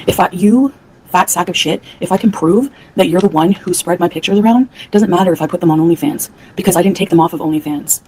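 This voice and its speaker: Woman streamer, heated profane rant, low pitch, warm mellow tone. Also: quick pace, slight background noise, poor audio. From Canada. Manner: profane, heated, talks back to chat. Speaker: livestreamer. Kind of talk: angry livestream rant.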